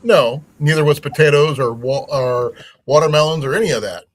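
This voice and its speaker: A man's voice: fairly high pitch, moderate pace, slight background noise, rough recording. A man hosting a casual livestream chat, rambling with many fillers and restarts. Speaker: channel host.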